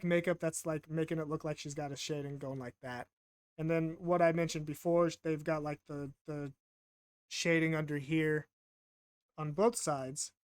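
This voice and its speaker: A man's voice: fairly high pitch, clean tone, no echo, studio quality. A man casually narrating while he draws, rambling and self-deprecating, often stammering and repeating himself. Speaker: art vlogger.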